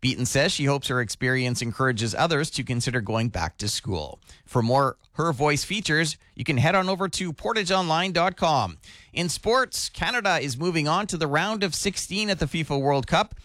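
Guy reading the local news on radio, steady and even, dry studio sound. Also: a little high, dry recording. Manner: steady, measured news delivery. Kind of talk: scripted newscast reading.

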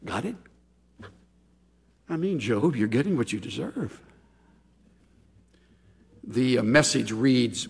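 Middle-aged male pastor, husky voice, conversational sermon, echoey hall. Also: medium pitch, slow pace, pauses often. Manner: animated, chatty, folksy asides. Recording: long hall reverb.

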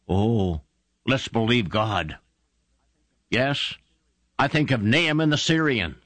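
A man's voice: medium pitch, sing-song, takes it slowly, pauses often, fairly bright tone, no room sound. A man preaching a fervent sermon, his voice rising and falling for emphasis.

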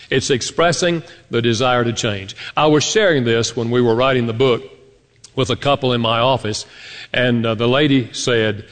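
A man's voice: medium pitch, normal speed. A man preaching a sermon to a congregation, telling stories and addressing the listeners directly. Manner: storytelling preacher, animated, addresses congregation as folks. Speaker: pastor. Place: church sanctuary. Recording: long hall reverb.

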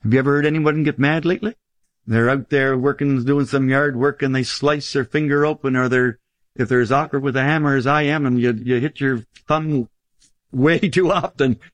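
A man preaching a sermon in an emphatic style, lifting his voice for stress and slowing down on key phrases. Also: steady tone, no room sound. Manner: emphatic, swings pitch widely for stress, slows on key phrases.

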